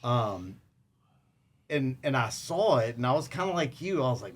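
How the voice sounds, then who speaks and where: A man, a former Marine, talking as a podcast guest and recounting a memory in a measured way, often repeating words as he starts. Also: medium pitch, big pitch swings. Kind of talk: casual chat.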